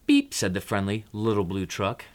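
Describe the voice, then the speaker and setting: A man with a fairly low voice reads a children's picture book aloud as host. His pace is relaxed, and he drops softer for his own little comments between the lines. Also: unhurried.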